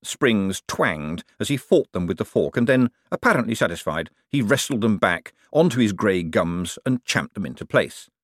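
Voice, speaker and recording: Man narrating an audiobook, lowish voice, very expressive, dry close sound. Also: moderate pace, few pauses, dry recording.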